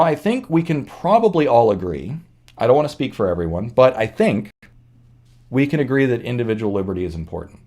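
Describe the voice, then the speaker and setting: A man's voice: medium pitch, darkish tone. A man hosting his channel, talking through his ideas in an earnest, reflective monologue, often restarting and correcting himself mid-sentence. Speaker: channel host. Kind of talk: unscripted monologue commentary.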